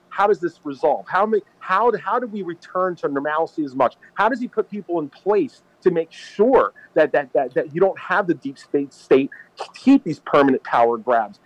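A man's voice: a little high, no echo. A man co-hosting a casual political talk show, rambling and emphatic as he tells stories. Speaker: podcast co-host. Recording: dull dry lo-fi sound.

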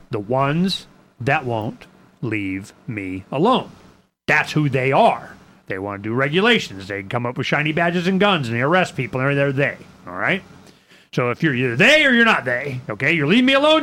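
A man's voice: on the high side, sharp tone. A man hosting a radio talk show, rambling and acting out both sides of conversations, stammering on repeated words.

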